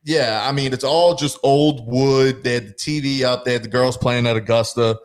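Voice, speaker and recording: Young male host, casual, animated storyteller. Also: medium pitch, normal speed. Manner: animated, acts out quotes. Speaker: podcast host.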